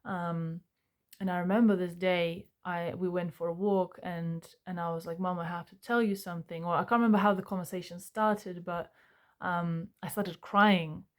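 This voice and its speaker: This is a young woman, her voice sitting a little low. She talks to camera in an earnest, searching way. Her sentences stop and restart, with plenty of fillers along the way. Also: steady tone, moderate pace. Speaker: self-help vlogger. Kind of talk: reflective personal talk to camera.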